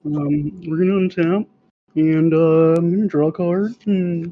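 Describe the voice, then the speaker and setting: A woman's voice: low voice, a little slow, phone-quality sound. A woman player hesitantly narrating her turn, with many fillers and self-mocking asides. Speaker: card game player. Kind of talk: casual game-night chat.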